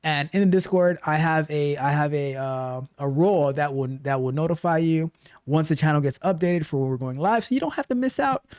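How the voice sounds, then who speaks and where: A man hosts a relaxed tech livestream and chats with his viewers. His voice sits a bit high and moves in an animated, repetitive way. The sound is dry and close. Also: brisk, smooth, no echo. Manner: animated, repeats himself, reads chat aloud. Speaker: livestream host and tech coach. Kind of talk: casual livestream chat.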